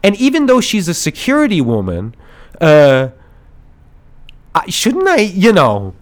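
A man's voice: high-pitched, unhurried. A man hosting a podcast, telling a story in a casual, rambling way, acting out the voices of other people and laughing as he goes. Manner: animated, rambling storyteller who acts out voices and laughs often. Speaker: podcast host.

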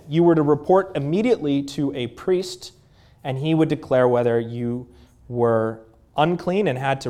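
A man in his thirties preaching a sermon in a conversational way, with fillers, dropping to a hushed voice at tender moments. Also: on the high side. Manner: drops to a hushed voice at moving moments. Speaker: pastor.

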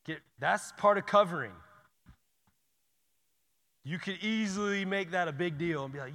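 A man preaching a sermon in a casual, conversational way, swinging from loud urgent bursts to hushed near-whispers. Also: sits high, normal speed, long pauses, long reverb tail. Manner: casual and conversational, says "y'all" and "dude".

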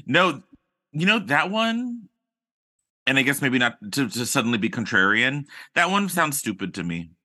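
A man co-hosting a podcast in casual chat, animated and playful. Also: medium pitch, moderate pace. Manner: animated, playful, jumps into silly bits. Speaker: podcast co-host.

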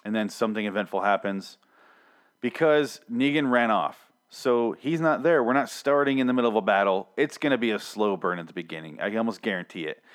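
A man's voice: fairly low pitch, brisk. A man giving a casual, rambling spoken review of a TV special, blunt and sometimes swearing, often restarting his words. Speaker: TV show reviewer.

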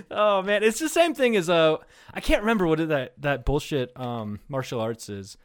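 A man's voice: a little high, animated, moderate pace. A man co-hosting a casual comedy podcast, telling crude, profane stories and laughing often. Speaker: podcast co-host.

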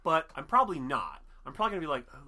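Bright-voiced man rambling about a movie. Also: fairly high pitch, wildly swooping pitch, rapid-fire. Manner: rambling, profane, acts out characters in jokey voices. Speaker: podcast co-host. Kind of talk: casual chat reviewing a movie.

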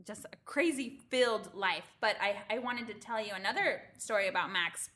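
A woman's voice: medium pitch, moderate pace. A woman in her thirties, co-hosting a podcast in casual chat and telling stories with lots of laughter. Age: 30s. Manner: animated storytelling, laughing often. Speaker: podcast co-host.

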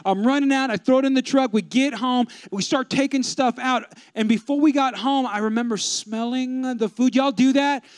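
Pastor in his 30s, high smooth voice, dry close sound, comic storyteller who talks to the congregation. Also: moderate pace, hardly any pauses, dry recording. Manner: animated, humorous, addresses the congregation. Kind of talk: storytelling sermon.

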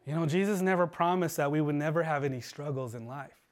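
A pastor delivers an earnest sermon in a notably high voice for a man. He presses his points and then lets his voice fall low and quiet to drive them home. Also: quick pace. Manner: earnest preaching, voice dropping low and soft for emphasis. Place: church livestream.

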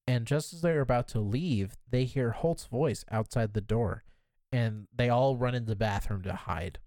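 A man's voice: medium pitch, moderate pace, warm tone, no room sound. Chatty male podcast co-host, dry close mic. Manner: chatty storytelling, filler "like". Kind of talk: casual episode recap.

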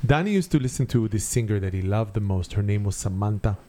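A man with an Israeli accent telling a story to his kids in a casual family setting. He tells it in lively storyteller fashion, using simple, non-native grammar. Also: on the low side, fast talker, noisy background.

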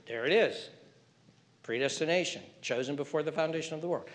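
A male pastor preaching a sermon, alternating emphatic raised calls with hushed, whispered passages. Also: on the high side, very animated, a little fast.

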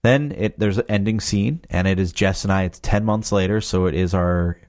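Low-voiced man chatting casually. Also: normal speed, a little mellow. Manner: rambling, loose and chatty, full of fillers like "you know". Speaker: podcast creator. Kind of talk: casual chat.

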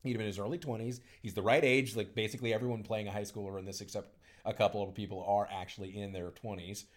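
A man co-hosting a podcast, retelling a movie's plot in casual chat, rambling and animated with frequent restarts. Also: fairly low pitch, fast talker. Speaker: podcast co-host.

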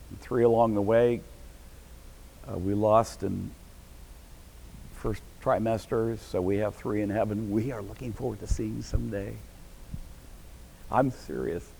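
A middle-aged man preaching a sermon as pastor, breaking into sudden shouted bursts of excitement. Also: lowish voice, vocal fry, slight background noise, poor audio.

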